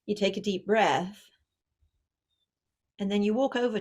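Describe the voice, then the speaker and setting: A middle-aged woman, an author, giving a lively book talk and acting out family scenes. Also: medium pitch, measured pace, pauses often. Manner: lively storytelling, acts out scenes. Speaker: author and parenting speaker. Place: online video event.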